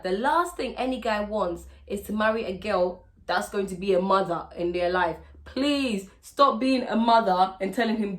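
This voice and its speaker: A woman's voice: medium pitch, moderate pace, hardly any pauses. A woman with a Ghanaian accent giving relationship advice in a playful, teasing way in a casual vlog. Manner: playful, teasing, acts out sweet-talking lines.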